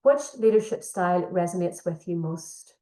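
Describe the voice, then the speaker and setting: A woman's voice: fairly low pitch, expressive, normal speed, warm tone. A woman facilitating a leadership training session, explaining steadily with frequent fillers. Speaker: workshop facilitator. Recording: echoey room.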